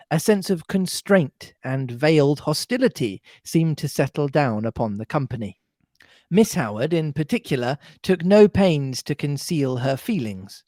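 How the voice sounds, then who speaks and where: Brief: animated audiobook-style podcast reader, dry close sound. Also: mid-range voice, no room sound. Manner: expressive, animated reading. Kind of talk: reading a novel aloud with chat.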